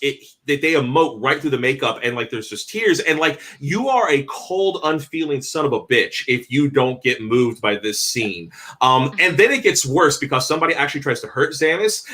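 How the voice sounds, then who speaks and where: Guy on a panel gushing about a movie, bright ringing voice, really into it. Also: on the high side, moderate pace. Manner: passionate, animated storyteller. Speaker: panelist leading the discussion. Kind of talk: casual panel chat.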